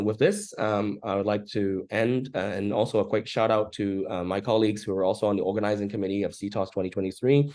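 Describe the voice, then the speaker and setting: A man, an oncologist, giving a measured talk in his early-morning voice over a video call, pausing often with "uh". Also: lowish voice, mellow. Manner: measured, frequent "uh" pauses. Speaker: oncologist presenting research. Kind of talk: conference talk and Q&A.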